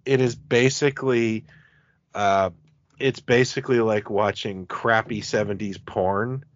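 Lower-pitched man chatting on a dull, dry recording. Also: fairly even intonation, measured pace, dry recording. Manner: enthusiastic, rambling storyteller. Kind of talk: casual chat about cult films.

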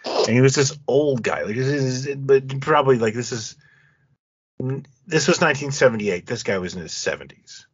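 A man's voice: mid-range voice, lively intonation, moderate pace, husky, no echo, muffled recording. A man in his fifties in a casual film chat, telling wry anecdotes. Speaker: podcast co-host.

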